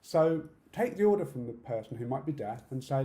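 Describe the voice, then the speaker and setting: Middle-aged British man, warm low-key tone, direct speaker talk recorded in a roomy space. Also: expressive, brisk, few pauses. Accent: British English. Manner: direct, practical, checks in with "okay?". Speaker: conference speaker. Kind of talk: online presentation talk. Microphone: video call setup. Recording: roomy echo.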